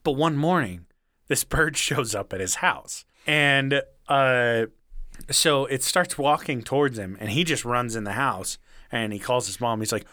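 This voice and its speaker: A man co-hosting a casual podcast, telling stories with lots of laughter and squeaking up into shrill voices when he quotes people. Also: unhurried, sharp tone, dry recording, studio quality. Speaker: podcast co-host. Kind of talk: casual storytelling chat.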